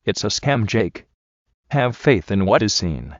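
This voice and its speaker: A man voicing a smooth, menacing male motivational speaker who talks in a slow, persuasive, coaxing way. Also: fairly low pitch, big pitch swings, dry recording, lo-fi sound.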